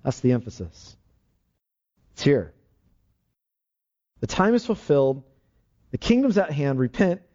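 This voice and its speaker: A man's voice: a little high, mellow. A man preaching a sermon, emphatic and full of rhetorical questions. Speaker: pastor. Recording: dull, lo-fi sermon recording.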